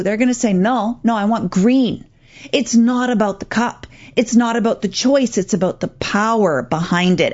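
A woman's voice: a little high, a little mellow. A woman hosting a radio talk show with parenting advice, earnest and acting out parent and child lines. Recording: dull lo-fi radio broadcast.

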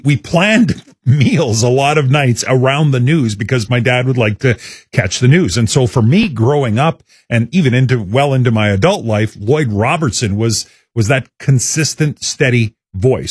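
A man's voice: medium pitch, breathy edge, no echo, studio quality. A man hosting a morning radio show, chatting in an easygoing, conversational way. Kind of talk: casual radio chat. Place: radio studio. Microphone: studio mic.

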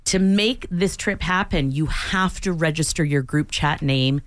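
A woman's voice: deep voice, measured pace, no room sound. A woman co-hosting morning radio, chatting and reading traffic. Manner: chatty, filler-heavy. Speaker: radio co-host.

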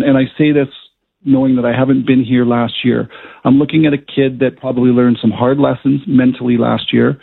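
Gravelly, husky man on a phone line. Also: medium pitch. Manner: chatty, storytelling, laughs often. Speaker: hockey color analyst, former player. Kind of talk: phone-in radio interview.

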